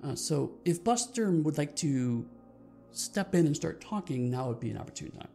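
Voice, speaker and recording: A game master with a gravelly, slightly high, mellow voice runs a tabletop role-playing game at normal speed, sounding expressive. He narrates the action and explains rules in a loose, rambling way, often restarting sentences, with faint music in the background.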